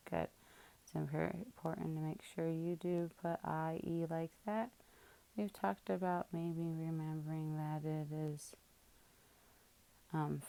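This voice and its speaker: A woman's voice: sits low, gravelly, dark tone. A woman teacher working through a spelling lesson, patiently sounding out each word part by part.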